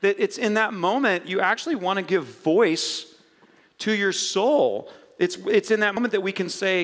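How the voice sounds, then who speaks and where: A man's voice: high-pitched, moderate pace, fairly bright tone. A middle-aged male pastor giving a casual, conversational sermon with self-mocking asides to the congregation. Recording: long hall reverb.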